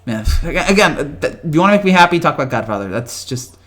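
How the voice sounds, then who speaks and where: A man's voice: on the high side, very animated, fast talker. A man hosting a casual live chat from home, answering viewer comments in a rambling way, with frequent restarts and chuckles, and keeping his voice down. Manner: talks quietly to avoid waking family. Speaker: host.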